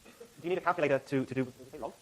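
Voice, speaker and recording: A middle-aged lecturer makes rapid-fire class announcements in a university lecture hall, correcting himself and using lots of fillers. His voice is a little high, with a fairly bright tone.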